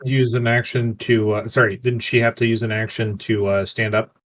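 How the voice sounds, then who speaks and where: A man's voice: on the low side, flat delivery, brisk, fairly bright tone, slight background noise. Man asking questions at a tabletop game. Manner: questioning, checks the rules. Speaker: player.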